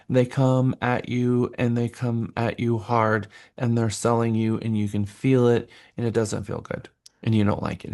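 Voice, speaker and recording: A man teaching a real estate sales class in an animated lecture style. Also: medium pitch. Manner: lively, acts out buyers' voices.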